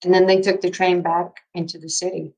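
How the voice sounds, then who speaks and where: A woman in her sixties, from New York with a faint accent, telling lively stories as a podcast interview guest. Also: fairly low pitch, brisk, poor audio. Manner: lively anecdotal storyteller with fillers. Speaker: guest, basketball coach.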